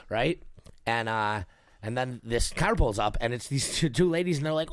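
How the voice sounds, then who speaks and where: Animated young man telling a story. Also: mid-range voice, normal speed, dry recording. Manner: animated, swears a lot, acts out voices while telling stories. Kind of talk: casual storytelling.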